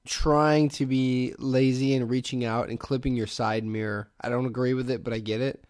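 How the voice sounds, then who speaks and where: A man's voice: medium pitch, fairly even intonation, moderate pace, darkish tone. A man co-hosting a podcast, chatting casually and throwing in wry jokes. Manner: wry, joking interjections. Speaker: podcast co-host. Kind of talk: casual chat.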